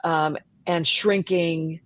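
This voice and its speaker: A chatty woman with a fairly low voice in a relaxed podcast conversation. She laughs easily and searches for words as she talks, and her voice sounds close and dry. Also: extremely slow, dry recording. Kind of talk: casual podcast chat.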